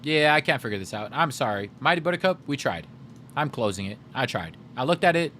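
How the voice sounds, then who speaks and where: A man's voice: medium pitch, sing-song, brisk, sharp tone, slight background noise. A male game streamer in casual livestream chat, joking and chatty as he reads chat aloud.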